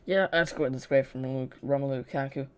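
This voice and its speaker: A host talks through a live football match for viewers following along, in a loose, unscripted flow. The voice sits at an ordinary middle pitch, and sentences often restart midway. Dry, sarcastic asides land between the match talk. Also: fast, clear, resonant tone. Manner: chatty, self-correcting, dry sarcasm.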